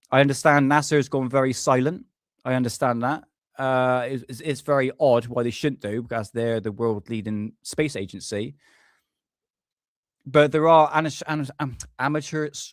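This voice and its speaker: A man's voice: mid-range voice, no echo. Ranting man on a live stream. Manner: animated, ranting, swears casually. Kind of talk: casual live stream chat.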